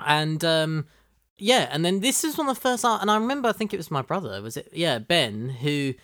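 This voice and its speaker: A chatty co-host recounting a story in a loose, rambling flow of fillers and restarts. The pitch moves a lot and sits in the middle, and the sound is dry and close. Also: very animated, a little fast, a bit bright, dry recording. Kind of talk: casual chat.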